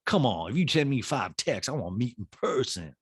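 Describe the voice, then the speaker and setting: A man voicing an earnest single woman, speaking low, hushed and deliberate. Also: very animated, slightly rough, no echo, clean studio sound.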